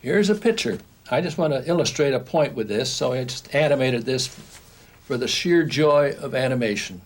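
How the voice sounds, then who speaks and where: Older man teaching animation, plain unhurried voice. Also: mid-range voice, expressive. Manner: explains while drawing, with frequent repeats and restarts. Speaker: animation instructor. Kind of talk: recorded instructional lesson. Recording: faint background noise, old home video.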